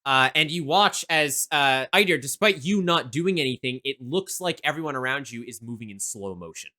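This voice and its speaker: A man running a tabletop game, describing the scene with a bright, forward tone. He talks in a halting way, stopping often with fillers and restarts. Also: medium pitch, lively intonation. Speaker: game master.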